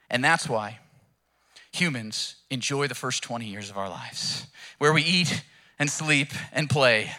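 A man's voice: medium pitch, a little slow, pushed and bright. A young adult man preaching a sermon in a casual, storytelling way with jokes. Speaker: pastor.

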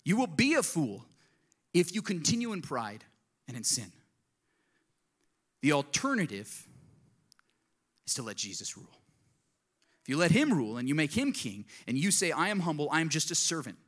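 A man's voice: on the high side, huge pitch swings, normal speed, long pauses, fairly bright tone, breathy edge. A man preaching a sermon to his congregation, earnest and conversational, often asking them direct questions. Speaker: pastor.

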